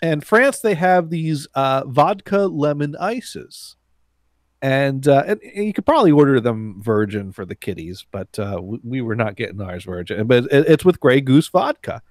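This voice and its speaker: A man's voice: medium pitch, sing-song, moderate pace, no room sound, studio quality. A man telling a rambling anecdote to friends, with many fillers, restarts and laughs. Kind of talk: casual anecdote among friends.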